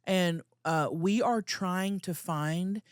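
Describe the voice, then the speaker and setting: A woman co-hosting a casual podcast chat, playful and quick to laugh. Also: fairly low pitch, smooth, dry recording, studio quality. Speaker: podcast co-host.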